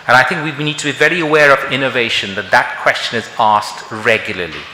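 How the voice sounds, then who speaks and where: A man's voice: mid-range voice, fairly quick, hardly any pauses, pushed and bright, slight background noise. A middle-aged man from India giving a conference lecture as a doctor, talking in a conversational way full of rhetorical questions. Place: large conference hall. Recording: echoey hall with long reverb.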